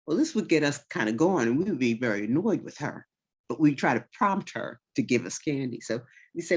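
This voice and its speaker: A woman storyteller telling a childhood tale in a relaxed, folksy, conversational way, full of vivid detail. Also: deep voice, fairly quick, breathy edge. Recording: slightly dull recording.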